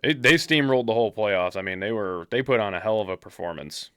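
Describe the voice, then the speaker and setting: A man's voice: fairly low pitch, fast, clean tone, dry recording, studio quality. Blunt, profane young man co-hosting a podcast. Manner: blunt, profane, animated storyteller. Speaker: podcast co-host. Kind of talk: casual sports chat.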